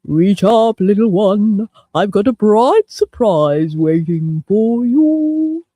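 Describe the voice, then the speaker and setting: A woman voicing a kind, encouraging sun in a story she reads out on the radio, slow and coaxing. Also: medium pitch, expressive, dark tone, husky, no room sound.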